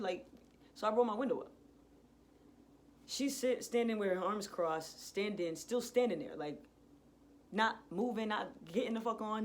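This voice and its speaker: A young adult woman vlogger in a casual storytime, retelling events in a profane, slangy, animated way. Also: mid-range voice, slight background noise.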